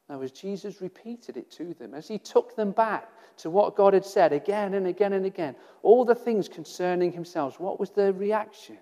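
Male preacher, high-pitched and earnest, rhetorical questions and repetition, recorded with long reverb. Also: a little fast, hardly any pauses, dark tone. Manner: earnest, rhetorical questions, repeats phrases for emphasis. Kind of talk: sermon.

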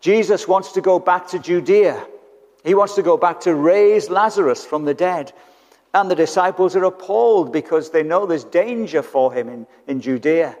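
British preacher in a reverberant church. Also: male voice, high voice, normal speed, a little mellow. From Britain. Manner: conversational, with rhetorical tag questions. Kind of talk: sermon. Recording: church hall with long reverb.

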